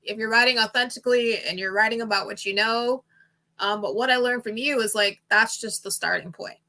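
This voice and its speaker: Woman, podcast host, bright tone, slightly high voice, chatty. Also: fairly quick. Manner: chatty, rambling questions with fillers. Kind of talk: casual interview chat.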